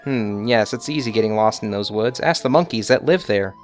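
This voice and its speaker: A man's voice: on the low side, a little fast, soft background music, lightly acted. A man voicing an old potion-selling hag woman in an old-time 1950s announcer manner. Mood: cheery.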